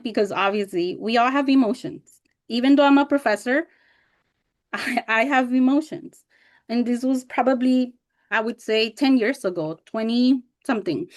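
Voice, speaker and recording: A woman in her thirties presenting a teacher workshop over a video call, telling personal stories candidly and expressively, sometimes getting emotional. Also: fairly high pitch. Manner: candid and expressive, acts out past remarks in animated voices; emotional when recalling hard times.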